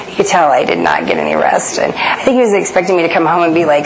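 A woman's voice: medium pitch, sing-song, fairly quick, a little hiss or hum, low-quality recording. A woman, earnestly telling an emotional personal story and acting out the dialogue. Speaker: guest telling her story. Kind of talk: personal testimony.

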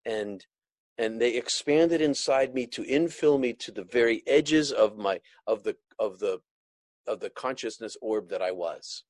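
A man giving an earnest, emotional personal testimony, halting often and restarting his sentences. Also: medium pitch, darkish tone, dry recording. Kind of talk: personal testimony of a near-death experience.

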